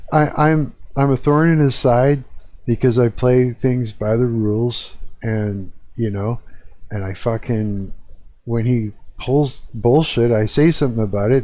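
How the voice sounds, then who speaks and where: A man's voice: medium pitch, a little mellow, no echo. A middle-aged man, ranting in a rambling, profane way on a live stream from his apartment. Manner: rambling, profane, agitated complaining. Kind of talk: casual rant. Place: own apartment.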